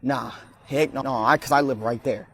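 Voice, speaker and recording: A man's voice: mid-range voice, steady tone, moderate pace, fairly bright tone, breathy edge. A young man filming himself on his night shift, nervous and jumpy, talking in slang and breaking off mid-sentence. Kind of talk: frightened self-filmed clips. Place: indoors, store at night. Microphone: handheld phone camera.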